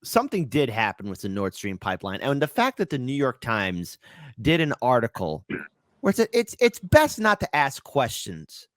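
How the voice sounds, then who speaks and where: A man hosting a livestream political talk show, interviewing guests and launching into loud, ranting outbursts. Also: medium pitch, wildly swooping pitch, moderate pace, no echo, clean studio sound. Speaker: host.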